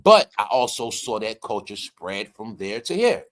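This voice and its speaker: A man's voice: lowish voice, big pitch swings, unhurried, heavy background noise. A man hosting a podcast, talking in a casual, profane and emphatic way and repeating his points. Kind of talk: casual chat.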